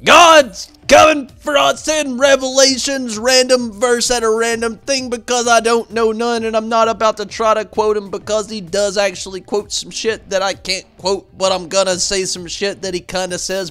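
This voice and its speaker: A man streaming games, chatting casually and telling rambling, animated stories full of fillers. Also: sits high, fairly quick, hardly any pauses, clean tone, faint music behind. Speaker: game streamer. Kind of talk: casual chat while streaming.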